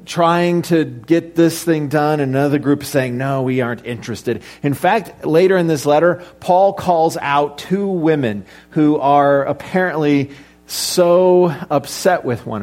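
A man's voice: on the high side, unhurried, darkish tone, soft background music. A middle-aged male pastor preaching a conversational sermon, with joking asides and rhetorical questions to the congregation.

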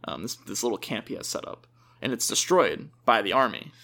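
A young man talks quickly through a casual gaming chat. His pitch swings widely as he rambles and corrects himself mid-sentence. He laughs often between thoughts. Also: very animated, gravelly, bright, forceful tone. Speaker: podcast co-host.

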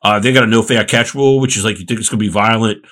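Low-voiced man in halting sports chat. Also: steady tone, fairly bright tone. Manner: halting, restarts often, jokey. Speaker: podcast co-host.

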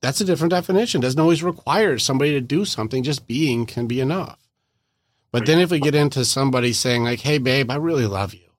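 A man's voice: medium pitch, fast, no echo. A man hosting a podcast interview, talking casually and animatedly, acting out little quoted exchanges in playful voices. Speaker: podcast host.

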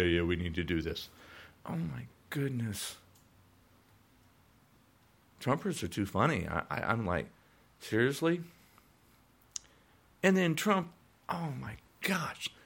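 A man's voice: mid-range voice, creaky, sharp tone. A man of sixty ranting on his own podcast, heated and repetitive, his voice jumping up when he gets indignant. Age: 60s. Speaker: podcast host. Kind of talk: political rant podcast.

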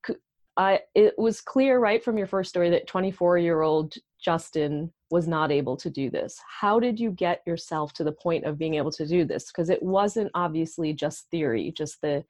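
Low-voiced woman interviewer. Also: normal speed, a little mellow, no echo, studio quality. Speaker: podcast host. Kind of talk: interview questions.

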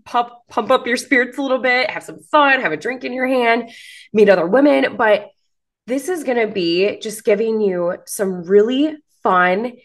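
A woman's voice: fairly high pitch, moderate pace. A woman in her thirties hosting a podcast, gushing and encouraging as she talks straight to her listeners. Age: 30s. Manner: gushing, encouraging, says "girl" and "like" a lot. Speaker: podcast host. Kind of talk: motivational podcast monologue.

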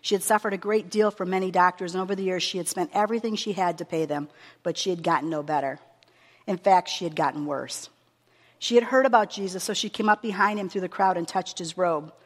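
A woman preacher giving a sermon with a long scripture reading, earnest and measured, stressing her words as she reads aloud. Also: lowish voice, steady tone. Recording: long reverb of a hall.

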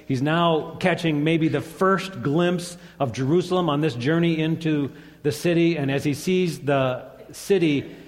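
A man in his fifties, a pastor, reading scripture and then preaching in a plain, conversational way. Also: fairly high pitch. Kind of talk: sermon. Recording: long reverb of a church hall.

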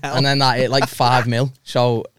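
A man's voice: mid-range voice, flat delivery, unhurried, very noisy. A young man, a podcast guest chatting casually, laid-back and sweary, often laughing. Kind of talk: casual chat.

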